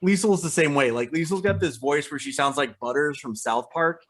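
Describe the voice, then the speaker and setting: Bright, stammering man chatting casually. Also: a little high, moderate pace. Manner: stammering restarts, laughs easily. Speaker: podcast co-host. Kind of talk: casual chat.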